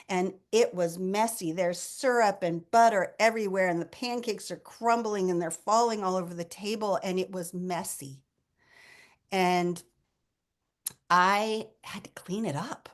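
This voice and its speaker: A woman in her fifties, a hospice nurse, telling her own grief story in an earnest, emotional way, often restarting sentences and dropping to a near whisper. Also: mid-range voice. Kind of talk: personal talk on grief.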